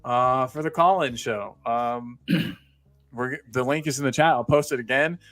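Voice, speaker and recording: A man's voice: mid-range voice, a little slow, a bit bright, dry recording. A man hosting a casual fan call-in show, chatty and jokey, greeting viewers by name. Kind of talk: casual live-stream chat.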